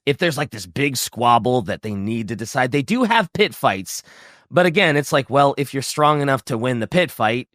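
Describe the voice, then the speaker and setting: A man's voice: medium pitch, no room sound, studio quality. A man hosting a casual chat who talks in a rambling way, full of fillers. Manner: animated, rambling, with many fillers. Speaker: podcast host.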